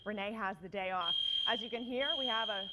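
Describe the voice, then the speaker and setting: A woman anchoring morning news who calmly reassures viewers while an alarm goes off. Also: mid-range voice, brisk. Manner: calm, reassuring. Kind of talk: broadcast news. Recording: loud alarm noise behind the voice. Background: blaring fire alarm.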